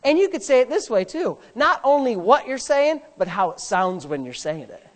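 A woman's voice: a little high, sing-song, normal speed. Emphatic woman preaching a sermon. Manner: emphatic, repetitive, rising to forceful peaks.

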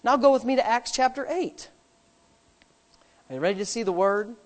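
A woman preaching a sermon, emphatic, swinging between loud declarations and hushed asides. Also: a little high, animated, moderate pace. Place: church. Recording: long hall reverb.

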